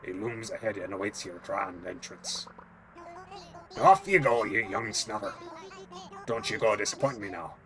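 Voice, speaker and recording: A gruff old sea captain behind the wheel of a game bus, growling salty sailor talk full of yars and fish names, as a woman puts him on. The voice drops well below her own and stays low and rumbly. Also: a little slow, pauses often, a bit bright, faint music behind.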